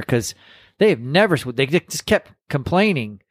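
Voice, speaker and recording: A man with a Texas accent, co-hosting a casual hobby podcast and telling lively stories. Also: medium pitch, moderate pace, no room sound, studio quality. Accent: Texan. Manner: animated storyteller, acts out quoted voices. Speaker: podcast co-host. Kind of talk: casual chat.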